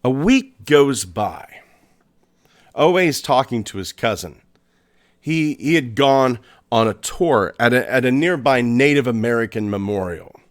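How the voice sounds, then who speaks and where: A man hosting a podcast, narrating a scary story in a suspenseful way, with pauses and restarts. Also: medium pitch, animated. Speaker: podcast host.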